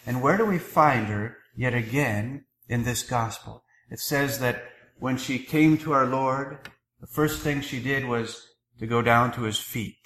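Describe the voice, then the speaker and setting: Slow, earnest priest preaching in a church. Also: male voice, mid-range voice, fairly bright tone, roomy sound, slight background noise, rough recording. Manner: earnest, measured preaching with pauses. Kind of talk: sermon.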